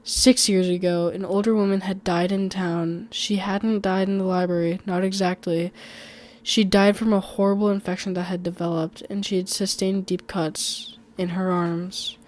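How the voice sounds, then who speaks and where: A woman's voice: medium pitch, flat delivery, moderate pace, a little mellow. A woman reading a first-person horror story aloud in a conversational way, with small slips and restarts.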